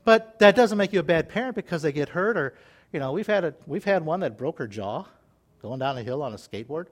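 A middle-aged man preaching an informal sermon in a folksy, animated way, often laughing and acting out voices. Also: fairly high pitch, fairly quick.

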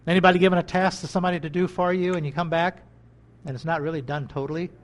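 A man delivers a sermon in a high, light voice. He talks to the congregation as if chatting with them, rising into loud, excited bursts and then dropping into quiet asides. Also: quick pace. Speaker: pastor. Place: country church.

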